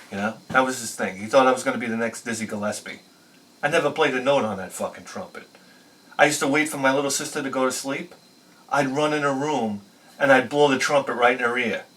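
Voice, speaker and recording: A man hosting a retro game video, telling rambling stories in an animated, profane way and laughing at his own jokes. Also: mid-range voice, a little fast, far from the mic. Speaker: retro game channel host. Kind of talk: rambling storytelling review.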